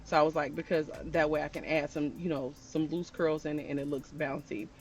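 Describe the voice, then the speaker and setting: A woman's voice: low-pitched, flat delivery, fairly quick, soft background music. A woman telling a personal story in a chatty storytime style, talking straight to her viewers. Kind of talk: casual storytime.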